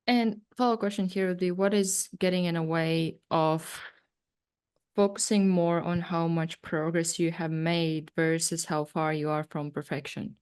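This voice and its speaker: Woman host, measured questions, lowish smooth voice. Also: steady tone, a little mellow.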